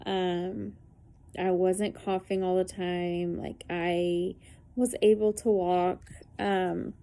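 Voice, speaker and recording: A woman's voice: on the low side, little pitch movement, takes it slowly, creaky, mellow. A woman in her thirties talking casually and earnestly to camera, with many fillers, about something she lived through. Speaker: vlogger sharing a personal story. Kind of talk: casual spoken testimony to camera.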